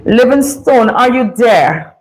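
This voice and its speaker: A woman's voice: fairly high pitch, expressive, slow, a little mellow, rough recording. A woman with a Vincentian accent hosting a casual live chat with viewers, chatty and playful and laughing often. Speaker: live-stream host.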